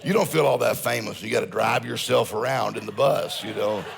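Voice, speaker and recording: Gravelly-voiced man telling stories on stage. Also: on the low side, brisk. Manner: storytelling, jokes with audience. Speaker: motivational speaker. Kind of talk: humorous seminar talk.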